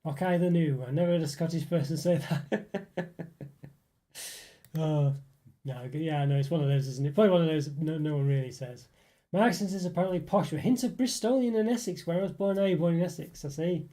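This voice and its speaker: A man hosting a casual live stream, chatting with viewers and reading their comments aloud. His voice sits a little high but sounds dark and mellow. He muses aloud and fills pauses with easy fillers. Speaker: livestream host reading chat.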